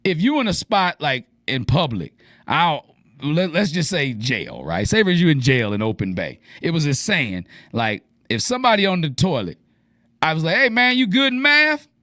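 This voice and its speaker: A man's voice: a little high, sing-song, normal speed, a bit bright, dry recording, clean studio sound. A man hosting an advice radio show, talking casually and animatedly in slang and acting out the lines he quotes.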